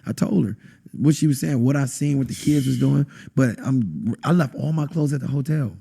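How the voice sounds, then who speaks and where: Husky man telling a dramatic testimony. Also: normal speed, warm tone. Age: adult, has a wife. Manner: intense, acts out quotes with sudden high bursts. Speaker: podcast guest. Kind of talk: emotional testimony in conversation.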